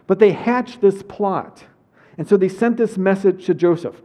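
Higher-voiced pastor, conversational sermon. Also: male voice, expressive, normal speed. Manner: conversational, reads verses then explains. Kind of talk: sermon with scripture reading. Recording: dull lo-fi recording.

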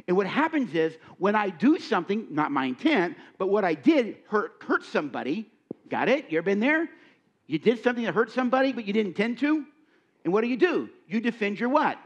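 A middle-aged man preaching a sermon, acting out little scenes and firing questions at his listeners. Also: high-pitched. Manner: animated, acts out dialogue, asks the audience questions. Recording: dull lo-fi recording.

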